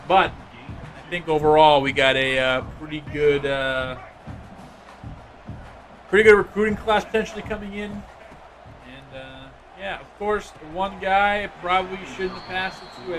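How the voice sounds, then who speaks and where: A man streaming a football video game, giving casual, excitable play-by-play and chatting with viewers. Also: on the high side, unhurried, faint music behind. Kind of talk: live gameplay commentary.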